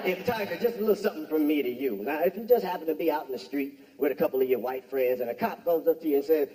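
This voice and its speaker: A man from the United States doing stand-up comedy on a club stage, talking slowly with many fillers and pauses. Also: fairly high pitch, dark tone. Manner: slow, hesitant delivery with many fillers. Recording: echoey hall with live audience.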